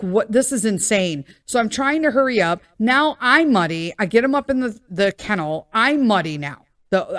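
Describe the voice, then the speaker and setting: A woman's voice: mid-range voice, no room sound, studio quality. A middle-aged woman hosting a podcast, telling a casual story with many fillers and acting out the voices she quotes. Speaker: podcast host.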